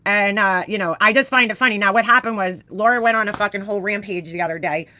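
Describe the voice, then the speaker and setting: A woman's voice: mid-range voice, quick pace, bright, forceful tone. A woman hosting a casual drama commentary, reading screenshots of texts aloud with blunt, profane, sarcastic asides.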